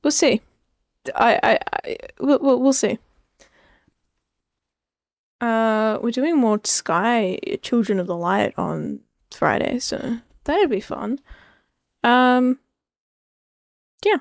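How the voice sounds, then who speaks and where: A woman's voice: a little high, lively intonation, slow, pauses often, no room sound, studio quality. Sleepy rambling woman streamer. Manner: rambling, self-deprecating, trailing off. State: sleepy, yawning. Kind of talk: casual stream chat.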